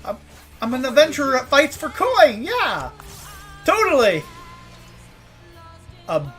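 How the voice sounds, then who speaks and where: A woman with a fairly high voice talks over a game as she streams, cracking jokes and swearing freely. She laughs often and slides into playful rants. Faint game music plays behind her. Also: huge pitch swings, slow, a bit bright. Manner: joking, profane, ranting, laughs often. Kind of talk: casual live gameplay commentary.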